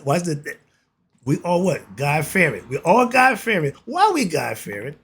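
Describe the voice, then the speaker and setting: A man hosting his own religious commentary, speaking, emphatic and preachy, reading passages slowly and then riffing on them. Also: on the high side, sing-song, fairly bright tone, slightly rough. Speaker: host.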